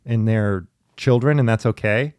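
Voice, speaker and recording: A man in casual conversation, telling stories in a chatty, lively way with laughing asides. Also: fairly low pitch, moderate pace, smooth, no room sound, studio quality. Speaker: podcast guest in therapy talk. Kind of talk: casual storytelling.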